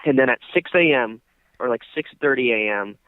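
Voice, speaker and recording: A man's voice: medium pitch, fairly quick, no echo. A young man co-hosting a podcast, telling a long story in casual chat, full of fillers and restarts. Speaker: podcast co-host. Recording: dry, tinny phone-like sound.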